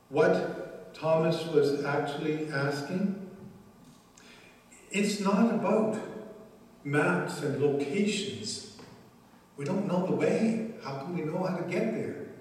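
A man preaching a sermon as the pastor, speaking slowly and deliberately with emphatic pauses, recorded in a church sanctuary. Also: a little high, darkish tone. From Canada. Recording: echoey church hall, mic at a distance.

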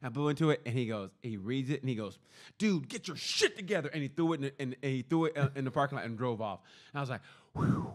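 A man with a voice of middle pitch, co-hosting a comedy podcast. He tells his anecdotes casually and plays out each person's part as quoted dialogue. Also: quick pace, a little mellow. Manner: acts out both sides of a story in quoted dialogue. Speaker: podcast co-host.

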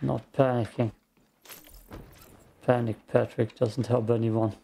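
A man giving calm, slow gameplay commentary, thinking out loud, with a gravelly morning voice. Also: mid-range voice. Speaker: game streamer.

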